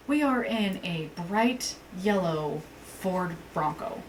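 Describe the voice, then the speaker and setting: A woman co-hosting a podcast tells a story in casual chat, animatedly acting out the people in it and swearing along the way. Her mid-pitched voice moves slowly with hardly any pauses, caught on a distant mic with faint hiss.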